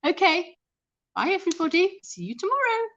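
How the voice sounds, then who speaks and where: A woman's voice: extremely high pitch, big pitch swings, a little fast, fairly bright tone, dull audio. A woman chatting casually and rambling on a live stream from her kitchen, reading out viewer comments as she goes. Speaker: thrift reseller hosting a live stream. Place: home kitchen.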